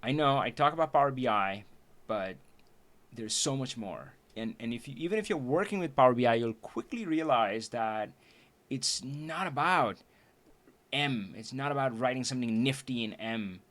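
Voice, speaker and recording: A man hosting a casual livestream for viewers, talking earnestly and reflectively, often restarting and laughing, his voice going hoarse. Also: mid-range voice, lively intonation, normal speed, a bit bright. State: losing his voice. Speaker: livestream trainer and host. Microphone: streaming setup.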